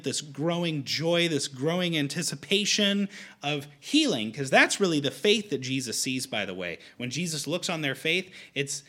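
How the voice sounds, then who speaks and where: A man's voice: on the high side, pushed and bright. A man preaching a sermon in a conversational way, often restarting his sentences. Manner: conversational, with frequent restarts and fillers.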